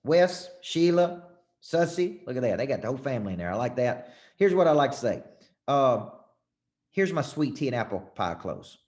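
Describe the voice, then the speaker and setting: A man's voice: medium pitch, very animated, moderate pace, a little mellow. A man coaching a live audience on sales closes, folksy and emphatic, acting out scripted lines with shifting tone.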